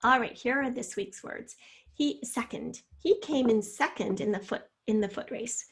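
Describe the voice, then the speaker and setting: A woman teacher giving a recorded spelling lesson to fourth graders, sounding out words slowly and carefully. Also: a little high, fairly bright tone, breathy edge.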